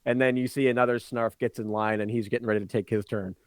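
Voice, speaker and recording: A man of middling pitch runs a tabletop game as game master, describing scenes in a loose, rambling way with lots of ums and laughter. The mic is close and the sound dry, without room echo. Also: flat delivery, fast talker. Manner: rambling, giggly narration full of ums.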